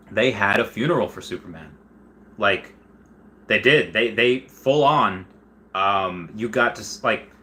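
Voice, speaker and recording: A man hosting a casual livestream, rambling with lots of fillers and getting loud and worked up when annoyed. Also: lowish voice. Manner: excitable, rambling with many fillers, gets loud when upset. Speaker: host.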